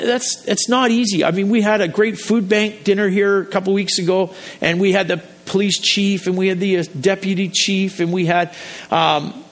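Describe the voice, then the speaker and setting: A male pastor delivers a sermon in an easygoing, conversational manner, his voice sitting slightly high for a man. He tells stories as he goes and often restarts his sentences mid-thought. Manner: conversational, storytelling, many restarts.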